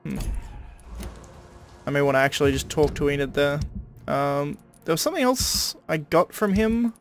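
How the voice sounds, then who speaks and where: A man's voice: on the high side, lively intonation, moderate pace. A man with an Australian accent giving casual, thinking-aloud commentary while playing a game, with frequent ums. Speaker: let's-play host. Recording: faint game music behind.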